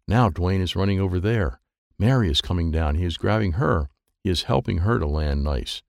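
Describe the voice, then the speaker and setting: A man narrating a children's audiobook in a lively first-person voice, adding sound effects as he reads. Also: low voice, normal speed, vocal fry, dry recording, clean studio sound.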